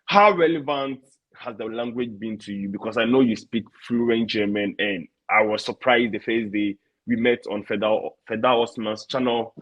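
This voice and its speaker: A man's voice: on the low side, normal speed, dull audio. A man hosting a casual interview, asking curious, encouraging questions. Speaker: host.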